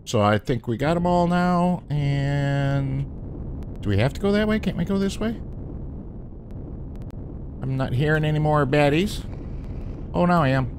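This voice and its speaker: A man casually commentating his game session, his pitch rising and falling in lively swings. He chats to the enemies with mock courtesy. A faint noise sits under the recording. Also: unhurried, pauses often. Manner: chatty, talks to enemies with mock politeness. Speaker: gaming channel host.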